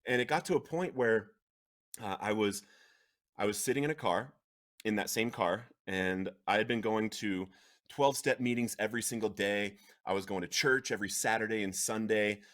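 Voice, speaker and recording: A man's voice: fairly low pitch, moderate pace. Earnest man telling his recovery story. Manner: earnest, animated, laughs through dramatic moments. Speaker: podcast guest sharing recovery story. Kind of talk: emotional personal storytelling.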